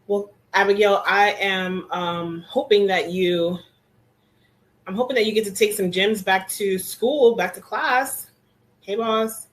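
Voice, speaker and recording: A woman hosting a hair care class on a live stream, chatting casually and greeting each viewer by name with relaxed slang, speaking from an indoor room. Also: mid-range voice, slow pace, rough recording. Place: indoor room with air conditioning.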